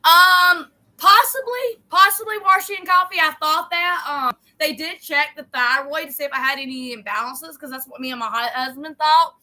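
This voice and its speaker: A woman's voice: sits high, normal speed, bright, forceful tone. A middle-aged woman, chatting casually and rambling as she decorates a planner for her vlog. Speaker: vlogger.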